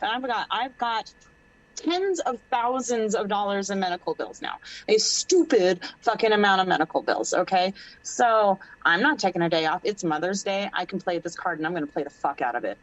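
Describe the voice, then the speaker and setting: A woman in her thirties telling a story on a podcast, animated and profane, acting out the people she quotes. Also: mid-range voice, brisk, poor audio. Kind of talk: casual storytelling chat.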